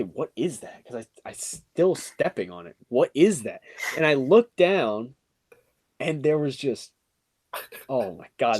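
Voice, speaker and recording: A young man casually telling a funny story on a podcast, acting out quotes and using lots of fillers. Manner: animated, acts out quotes with rising pitch, filler-heavy "like".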